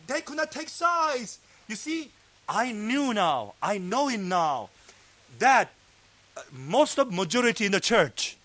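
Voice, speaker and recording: A man preaching a sermon, fervent and emphatic, sometimes dropping to a low hush. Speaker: pastor. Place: fellowship meeting hall.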